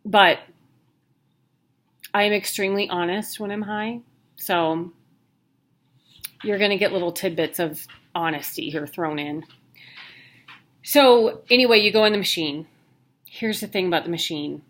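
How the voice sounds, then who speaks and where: A woman's voice: on the low side, a little slow, long pauses, a bit bright. Chatty, candid woman vlogging. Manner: chatty and candid, with jokey asides. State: worn out. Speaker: vlogger sharing her health news. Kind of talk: casual talk to camera.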